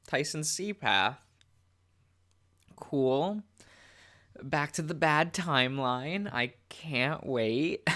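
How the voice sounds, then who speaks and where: A man's voice: mid-range voice, sharp tone. A man hosting a let's-play, chatting offhand between remarks and reading the game's text aloud. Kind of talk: casual gameplay commentary, reading game text aloud.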